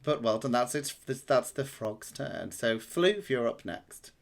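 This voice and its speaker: Playful Mancunian game master. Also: male voice, medium pitch, lively intonation, measured pace, vocal fry, a little hiss or hum. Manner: playful, laughs often while narrating. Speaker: dungeon master. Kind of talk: narrating a tabletop game.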